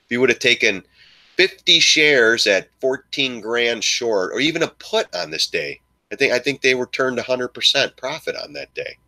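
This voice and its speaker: A man giving excitable live stock market commentary to his viewers, joking and swearing as he goes. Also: mid-range voice, normal speed. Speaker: stock trading streamer.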